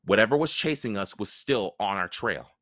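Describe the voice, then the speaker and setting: A man reading a novel aloud as host of his own podcast, with expressive storytelling. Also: on the low side, moderate pace, no room sound, studio quality. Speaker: podcast host and audiobook reader.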